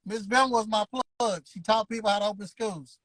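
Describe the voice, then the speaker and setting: This interview guest, a barber school owner in his 50s, has a high, steady, fairly bright voice, recorded with no echo but in low quality. He tells his motivational story emphatically, like a preacher, stretching out his words.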